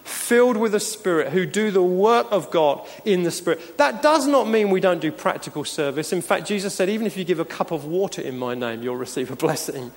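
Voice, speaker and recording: A man's voice: high-pitched, lively intonation, fairly quick, hardly any pauses. A man preaching a sermon as pastor, earnest and emphatic, chuckling now and then between points. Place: church hall. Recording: long reverb of a church hall.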